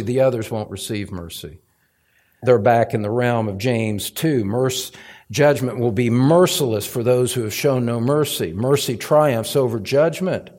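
A man's voice: medium pitch, unhurried, a little mellow. A male pastor preaching a sermon, emphatic, climbing to stressed points and repeating words for weight. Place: church sanctuary.

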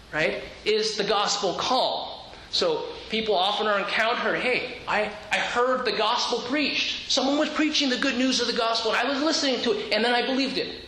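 A man's voice: high-pitched, pushed and bright, roomy sound, a little hiss or hum, low-quality recording. A man preaching a sermon, explaining scripture step by step and often repeating a word as he restarts. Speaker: pastor.

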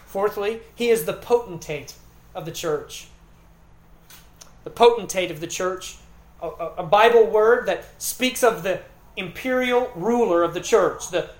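A man preaching a sermon as pastor, earnest and emphatic, leaning on repetition and pauses. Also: high voice, roomy sound.

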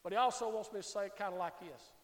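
A male pastor preaching with a strikingly high voice. He rises to fervent shouts and drops to soft, hushed pleading. His voice rings through a church hall with a long, echoing reverb. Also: fast talker. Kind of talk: sermon. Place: church sanctuary.

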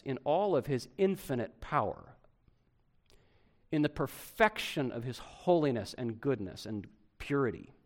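A man preaching a sermon, moving between loud emphatic passages and soft, hushed ones. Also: fairly high pitch.

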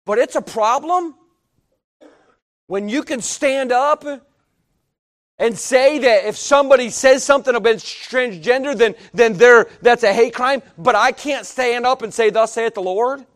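Man, preacher, sermon, high voice, emphatic, middle-aged, hushed-to-loud swings. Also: measured pace.

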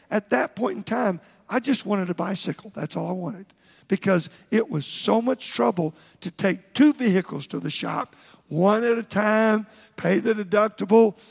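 A man's voice: high-pitched, normal speed, vocal fry, slightly rough, big-room sound. An older man preaching a sermon, telling folksy stories and quoting voices. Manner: folksy storytelling with quoted voices. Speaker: pastor.

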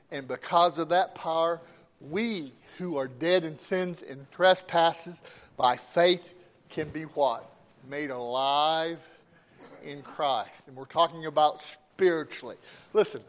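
A man's voice: fairly high pitch, a bit bright. A man preaching a sermon as pastor, with rising emphasis and call-outs to the congregation.

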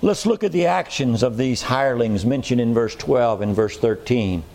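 A male pastor preaching a sermon to a congregation in a church, slow and emphatic, stressing his points with repetition and rhetorical questions. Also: medium pitch, expressive, creaky, darkish tone.

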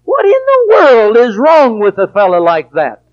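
A man preaching a sermon, swinging from quiet storytelling to loud, emphatic passages. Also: very high voice, huge pitch swings, measured pace. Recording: dull lo-fi recording.

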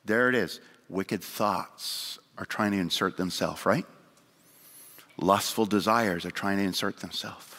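A man preaching a sermon in earnest, moving between raised emphasis and hushed appeals. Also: medium pitch. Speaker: pastor. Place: church sanctuary. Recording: long church hall reverb.

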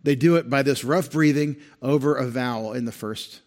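A man's voice: mid-range voice, normal speed, darkish tone. A man preaching an expository sermon, patiently explaining Greek grammar and pointing things out on a screen like a teacher. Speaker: pastor.

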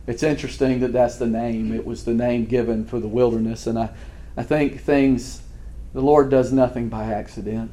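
A man's voice: mid-range voice, steady tone, normal speed, warm tone. A man preaching a sermon as pastor, earnest and fervent, often restarting his words.

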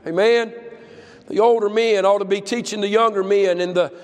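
High-voiced pastor, echoing hall. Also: male voice, fairly even intonation, normal speed. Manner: folksy, impassioned, building to shouts. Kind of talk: sermon. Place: church service. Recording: long church reverb.

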